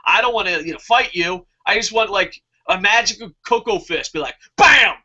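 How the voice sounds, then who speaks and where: A man's voice: high-pitched, fairly quick, pushed and bright. A man hosting a wrestling review show, reading viewer comments and ranting heatedly with plenty of swearing. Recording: muffled lo-fi recording.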